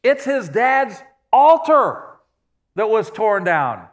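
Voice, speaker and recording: A pastor preaching a sermon in a church, telling stories in a conversational, self-deprecating way. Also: male voice, sits high, very animated, takes it slowly. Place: church sanctuary. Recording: long reverb of a large church hall.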